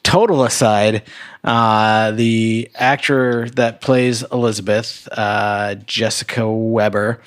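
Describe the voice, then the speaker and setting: A man's voice: lowish voice, steady tone, slow pace, clear, resonant tone. A man co-hosting a movie podcast, talking casually and bluntly with free swearing. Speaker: podcast co-host.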